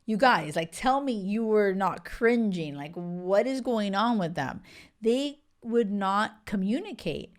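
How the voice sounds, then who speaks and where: A woman's voice: medium pitch, slow. Chatty gossiping woman. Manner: animated, gossipy, lots of fillers. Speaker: host. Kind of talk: casual chat.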